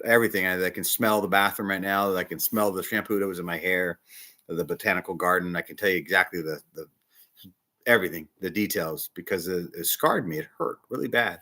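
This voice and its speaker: A middle-aged bishop with a low voice preaches a sermon filled with emotional personal testimony, speaking in a confiding, animated way.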